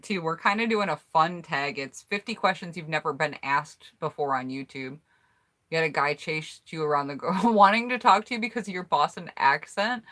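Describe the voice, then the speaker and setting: A woman's voice: deep voice, pushed and bright. An American woman hosting a casual live stream, reading out viewer comments and answering in a blunt, candid, chatty way. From United States.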